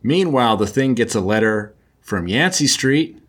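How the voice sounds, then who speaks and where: A man's voice: medium pitch, animated, moderate pace, a bit bright, breathy edge. A man casually recapping a story in a loose, chatty way, full of filler words. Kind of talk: casual comic book recap.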